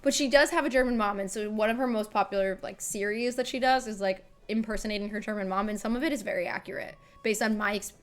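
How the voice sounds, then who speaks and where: A woman's voice: mid-range voice, quick pace, few pauses, faint music behind. A woman hosting a livestream, chatting casually and reading comments, rambling and self-mocking with lots of fillers. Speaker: livestream host.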